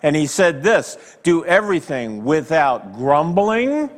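A male pastor preaching a sermon slowly and emphatically, with dramatic pauses, and asking the congregation direct questions. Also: on the high side, big pitch swings. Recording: long hall reverb.

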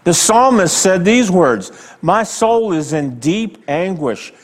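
A male pastor preaching a sermon slowly and emphatically, with dramatic pauses, and asking the congregation direct questions. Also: high-pitched, sing-song. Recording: long hall reverb.

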